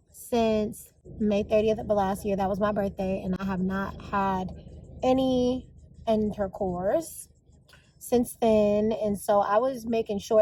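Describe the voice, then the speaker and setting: A woman's voice: on the high side, dark tone, low-quality recording. A woman vlogging in a casual, confessional way, chatty and gushing as she talks to her viewers.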